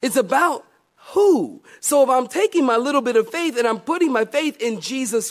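A male pastor preaching a sermon, calling out to the congregation and swinging from soft, confiding asides to loud, emphatic declarations. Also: very high voice, lively intonation, normal speed. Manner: calls out to the congregation.

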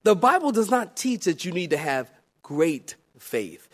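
A man with a high, light voice preaches a sermon. He drops into hushed, confiding asides, then climbs back up into loud, emphatic calls, and keeps turning to the congregation for an answer. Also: very animated, measured pace. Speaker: pastor.

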